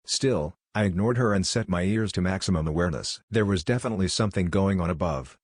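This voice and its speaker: A man narrating a first-person horror story in a measured, grave scripted reading. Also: deep voice, expressive, husky, no room sound, clean studio sound.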